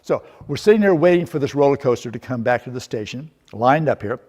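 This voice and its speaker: A man's voice: medium pitch, lively intonation, fast, a little mellow, in a large hall. A middle-aged man presenting a workshop, telling a humorous story with rhetorical questions in a lecture style. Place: seminar room.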